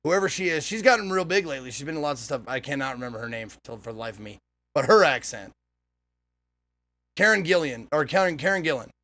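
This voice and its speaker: A man's voice: a little high, expressive, fast, pushed and bright. A man streaming a game and chatting casually, rambling and swearing, often trailing off. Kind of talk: casual gameplay commentary.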